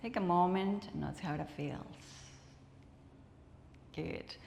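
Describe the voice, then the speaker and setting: Slow calm woman guiding movement. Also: on the low side, a little hiss or hum. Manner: calm cueing, counting reps, soft encouragement. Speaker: movement and breathwork instructor. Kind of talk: guided movement practice. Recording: echoey room with long reverb.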